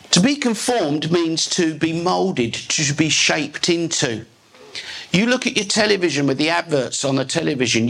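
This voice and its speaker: A man's voice: a little high, vocal fry, a bit bright. A man preaching a live sermon in a church service, as the pastor, with emphatic, declarative delivery.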